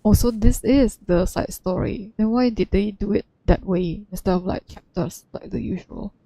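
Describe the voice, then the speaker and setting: Mellow-voiced woman musing over a game. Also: medium pitch, moderate pace, creaky, husky, no echo. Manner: chatty, musing aloud, laughs often. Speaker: game streamer. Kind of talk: casual gameplay commentary.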